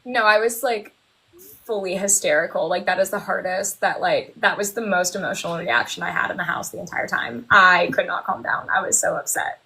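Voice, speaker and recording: A young woman on a livestream video call, excitedly retelling stories and laughing. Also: fairly low pitch, brisk, creaky, slightly rough, rough recording. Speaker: guest, former reality show contestant. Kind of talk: casual group chat on a livestream.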